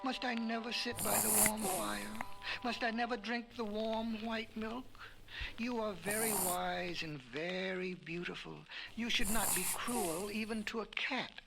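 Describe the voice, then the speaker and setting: A man voicing a proud, sly male cat from the wild woods in a storybook reading, drawing his pleas out slowly. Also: sits high, creaky. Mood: pleading. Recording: crackly vinyl record under loud music.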